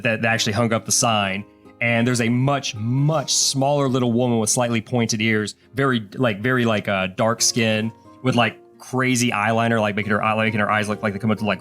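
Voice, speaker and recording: A man's voice: medium pitch, fairly bright tone. Casual man narrating as game master. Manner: casual, loose scene description.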